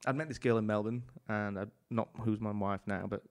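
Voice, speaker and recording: A man, a chef and podcast guest telling animated anecdotes in a casual chat, full of swearing and restarts. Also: fairly low pitch, fairly quick.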